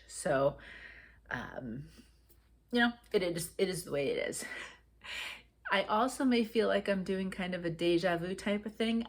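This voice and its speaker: A woman's voice: mid-range voice, fairly bright tone. A woman casually chatting to camera in a rambling, grateful way, often laughing. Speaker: cross stitch vlogger.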